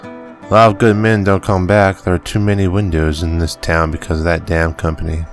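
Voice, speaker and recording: A man's voice: deep voice, monotone, normal speed, soft background music. A man reading out a weary, working-class miner father who grumbles and swears about the company but is tender with his son, in a put-on accent. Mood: bitter.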